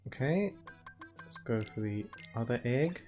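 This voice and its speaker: A man's voice: mid-range voice, lively intonation, unhurried, darkish tone. A man giving casual let's-play commentary while streaming a game, chatty and rambling, laughing often and filling his talk with "like". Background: faint game music.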